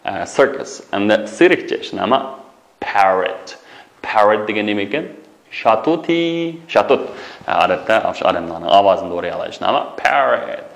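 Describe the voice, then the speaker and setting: A man's voice: fairly low pitch, brisk, vocal fry. A man teaching an English vocabulary lesson, quizzing his students and chuckling as he explains words. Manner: lively, quizzes the class with questions, chuckles often.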